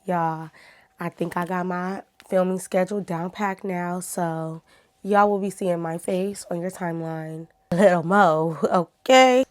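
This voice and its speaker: A woman's voice: lowish voice, fairly even intonation, a little slow. Chatty woman telling a storytime. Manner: chatty, talks straight to viewers. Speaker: YouTuber. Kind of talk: casual storytime vlog.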